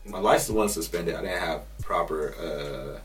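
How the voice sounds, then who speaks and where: A man's voice: deep voice, normal speed, a bit bright, far from the mic, faint music behind. A young man from California co-hosting a podcast, telling a story in a laid-back, casual way. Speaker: podcast co-host.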